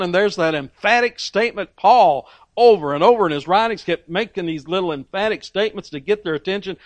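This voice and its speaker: A man preaching a sermon, emphatic, swinging between loud and quiet, often restarting his phrases. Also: high voice, brisk, few pauses, dry recording.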